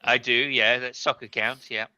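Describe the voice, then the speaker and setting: A man's voice: mid-range voice, fairly even intonation, normal speed, sharp tone, no echo. A man hosting a live stream in casual chat, joking as he wraps up the show. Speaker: host.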